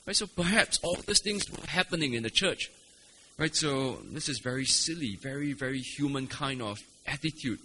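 A man's voice: medium pitch, moderate pace, bright, forceful tone. Man, pastor, sermon, rhetorical questions, keeps asking "right?", faint room noise. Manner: explains patiently, asks rhetorical questions, keeps adding "right?". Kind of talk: expository sermon. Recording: long hall reverb, faint ambience.

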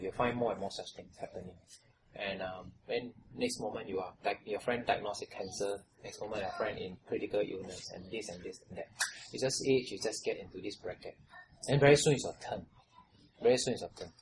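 A pastor preaching a sermon, repeating phrases and putting questions to the congregation, rising to loud exhortation and falling to hushed trailing lows. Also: brisk, a little hiss or hum, poor audio.

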